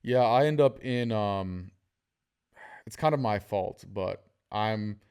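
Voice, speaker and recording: A man's voice: fairly low pitch, takes it slowly, darkish tone, smooth. A man hosting a casual podcast, telling jokey stories and acting out the people in them. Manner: storytelling, jokey, acts out quotes. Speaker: podcast host.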